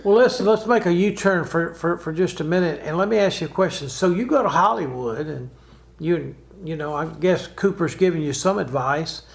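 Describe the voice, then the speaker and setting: A man's voice: on the high side, moderate pace, gravelly. A man hosting a radio talk show, asking a guest questions in a conversational way. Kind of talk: interviewing a guest.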